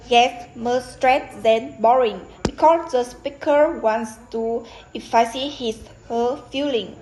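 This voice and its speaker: A woman reading a prepared lesson explanation in a careful, measured way. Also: a little high, darkish tone, rough recording. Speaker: presenter of a student lesson.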